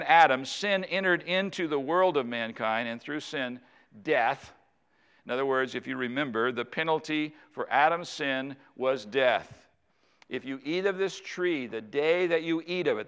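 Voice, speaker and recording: Preaching man with a smooth voice. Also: fairly high pitch, a bit bright. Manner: conversational preaching, asks rhetorical questions. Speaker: pastor. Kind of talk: sermon.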